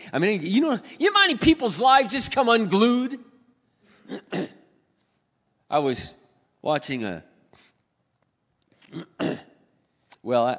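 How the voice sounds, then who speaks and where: Middle-aged male pastor, lively sermon delivery with big pitch swings, frequent throat clearing, dull recording in a reverberant hall. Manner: swings from loud, high exclamations to quiet asides.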